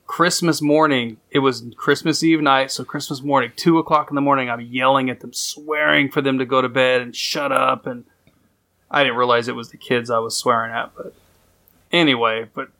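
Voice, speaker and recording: A man's voice: mid-range voice, fairly even intonation, normal speed, bright, forceful tone. A man in casual chat, blunt, profane and self-mocking as he complains.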